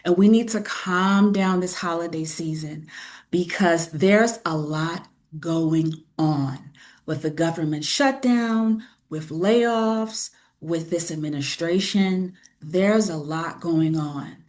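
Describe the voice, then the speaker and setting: A woman hosting a webinar over a video call, speaking in a calm, enthusiastic teacher voice and often repeating herself. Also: lowish voice. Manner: slow, calm, repeats phrases. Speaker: webinar host. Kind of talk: guided breathing and lecture.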